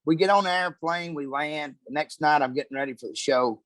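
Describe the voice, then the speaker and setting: A man's voice: on the high side, brisk, a bit bright, dry recording. Profane man telling road stories. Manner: profane, rambling anecdotes. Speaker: comedian, podcast guest. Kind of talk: casual storytelling chat.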